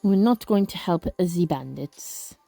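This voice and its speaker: A woman narrating her own game playthrough, reading text aloud and reacting with gasps and quick chatty asides. Her pitch leaps around animatedly, the mic is close and dry, and soft game music plays underneath. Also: expressive, creaky, no room sound. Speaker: let's play creator.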